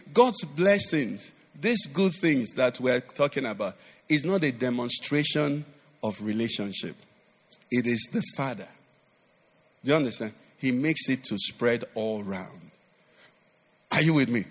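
A man's voice: on the high side, lively intonation, measured pace, bright, forceful tone. A male pastor preaching a sermon, with sing-song emphasis and constant call-and-response questions to the congregation. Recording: reverberant church hall.

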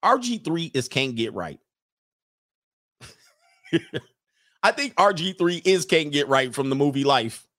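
Male host, casual reaction commentary, jokey and animated, dry close sound. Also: fairly high pitch, measured pace, pauses often, no echo. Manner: joking, animated, laughs often.

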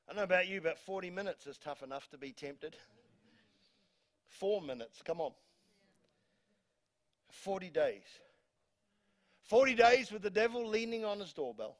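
Emphatic high-voiced New Zealand pastor. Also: male voice, lively intonation, moderate pace, long pauses. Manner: emphatic, repeats words, reads scripture aloud, jokes with congregation. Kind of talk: sermon. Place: church hall.

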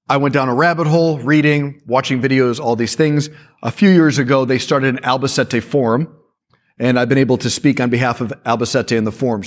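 A male priest speaking to a church audience, telling stories in a lively way with quick asides. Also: mid-range voice.

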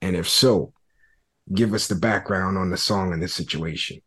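A man hosting a podcast, laying out his theories in a thoughtful, relaxed conversational way. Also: low voice, normal speed. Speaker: podcast host. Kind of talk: casual conversation about hip-hop.

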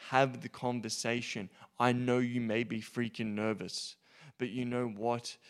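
A man hosting a solo podcast, talking bluntly and casually with lots of profanity and filler words, and acting out quoted dialogue as he tells stories. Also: medium pitch. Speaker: podcast host and coach.

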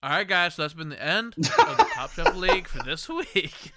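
A man's voice: high voice, wildly swooping pitch, moderate pace, a crowd in the background. A tipsy, tired man hosting a late-night podcast, rambling and emphatic, laughing and cursing. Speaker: podcast host. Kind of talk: casual drunk podcast chat.

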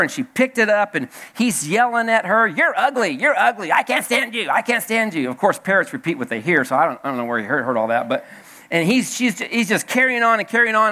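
A man preaching as a church elder, with a high, bright voice that stands out. He talks to the congregation in a folksy, joking way. He stumbles, restarts and repeats his key lines as he goes. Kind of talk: sermon.

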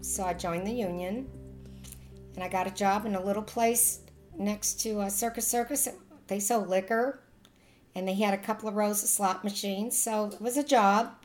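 A woman's voice: medium pitch, fairly even intonation, normal speed, a little mellow, soft background music. An older woman from Louisiana with a Cajun Louisiana accent, chatting and laughing as she tells stories in an oral history interview.

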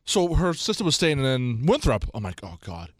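A young man, co-hosting a podcast and telling stories in a lively way, acting out what he said. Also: mid-range voice, moderate pace, no room sound, clean studio sound. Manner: animated storytelling, acts out his own quotes. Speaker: podcast co-host. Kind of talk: casual chat.

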